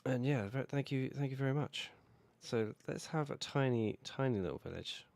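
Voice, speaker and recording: A British man with a hoarse voice from a cold, casually chatting while he builds in a city-building game. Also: mid-range voice, moderate pace. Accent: British English. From Britain. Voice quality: relaxed, rambling, self-correcting. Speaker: video game streamer. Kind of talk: casual gameplay commentary.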